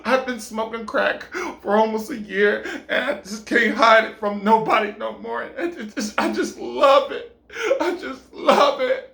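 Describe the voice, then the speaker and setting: A man voicing an erratic, unstable young woman with a high, giggly voice that swings toward tears. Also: expressive, unhurried, fairly bright tone. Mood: giddy defiant. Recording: roomy echo.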